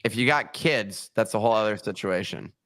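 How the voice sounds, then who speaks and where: A man co-hosting a casual podcast chat, talking in an animated way and walking listeners through steps. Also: lowish voice, fairly quick. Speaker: podcast co-host.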